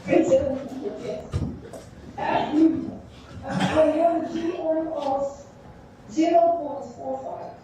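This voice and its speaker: A woman teacher giving a classroom lecture, thinking aloud in halting phrases while she draws on a board. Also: high voice, steady tone, background noise. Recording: echoey dull room sound from far off.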